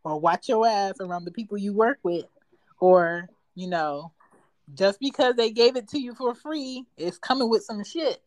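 A woman co-hosting a casual chat, talking in an animated, slangy way and quoting phrases. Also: mid-range voice, no echo. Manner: animated, slangy, jumps in with quick quotes. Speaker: podcast co-host.

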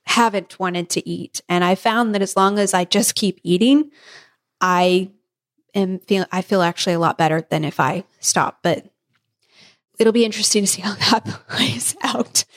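A pregnant woman chatting on a podcast at a middle pitch, animated and laughing often. She acts out the voices of the people in her story as she tells it. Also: moderate pace. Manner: animated, laughing often, acting out family members' lines. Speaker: podcast co-host. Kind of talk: casual storytelling chat.

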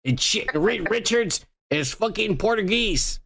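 Male podcast host, high and gravelly, profane and blunt banter. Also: expressive, a little slow, a bit bright. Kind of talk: casual podcast chat.

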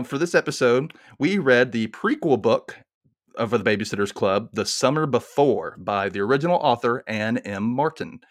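A man hosting a book podcast, chatty and upbeat, laughing often. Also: medium pitch. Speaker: podcast host. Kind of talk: casual podcast chat.

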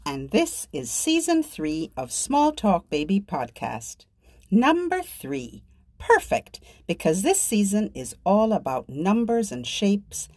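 Playful older woman with lively pitch. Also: no echo. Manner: playful, exaggerated swoops between high and low for little children. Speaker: children's podcast host. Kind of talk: sing-song rhymes for babies.

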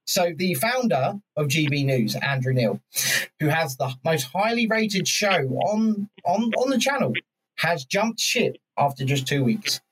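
A man hosting a podcast, chatting about politics in an animated way, swearing and restarting his sentences. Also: fairly high pitch, a little slow, slight background noise, rough recording. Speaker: podcast host. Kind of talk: casual political chat.

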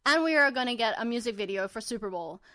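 A young woman co-hosting a podcast, talking in excitable, gushing bursts and laughing often. Her voice sits a little high and sounds close and dry, with no room around it. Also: fast, no echo. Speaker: podcast co-host. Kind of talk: casual chat.

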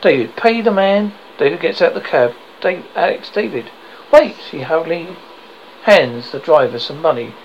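A man reading a drama script aloud, stage directions and all, in a halting way that stumbles over words, on a dull lo-fi recording. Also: fairly high pitch, lively intonation, gravelly. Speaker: narrator reading a radio script. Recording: dull lo-fi, faint background noise.

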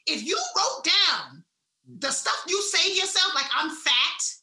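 A woman giving a blunt, salty motivational talk, swinging between loud emphasis and hushed asides. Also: very high voice, very animated, unhurried, reverberant. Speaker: wellness speaker.

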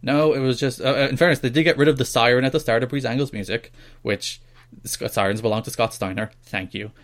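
A man co-hosting a podcast in casual chat, talking in an animated, mocking way and often laughing. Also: mid-range voice, fast talker. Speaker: podcast co-host.

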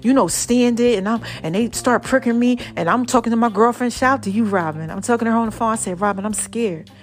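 Expressive woman podcaster telling her story. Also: on the high side, quick pace. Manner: expressive, conversational, addresses listeners directly as y'all and baby. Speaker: podcast host. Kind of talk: personal storytelling to listeners.

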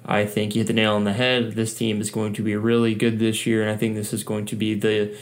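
A man with a fairly low voice co-hosts a casual sports podcast. He speaks in a measured, plain-spoken way when he shares his predictions. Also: completely flat delivery. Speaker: podcast co-host.

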